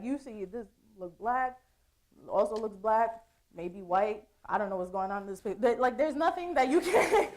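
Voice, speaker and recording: A woman's voice: fairly high pitch, a little mellow. A young woman giving a casual, chatty conference presentation to a room, laughing easily as she talks. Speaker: student presenter.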